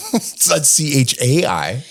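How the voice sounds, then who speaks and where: A man's voice: a little high, huge pitch swings, takes it slowly, fairly bright tone, husky. A man co-hosting a casual chat podcast, teasing his co-host and explaining things at length.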